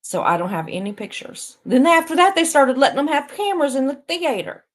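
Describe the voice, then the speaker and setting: A woman's voice: sits high, lively intonation, brisk. A woman, hosting a casual livestream, rambling chattily to her viewers and laughing often. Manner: talks to viewers reading chat. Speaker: live stream host.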